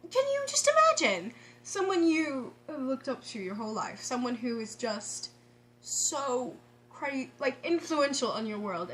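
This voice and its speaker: A woman tells a story to her vlog camera in a casual, excitable way. Her voice sits high, and she breaks into laughter often and restarts her sentences. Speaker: vlogger.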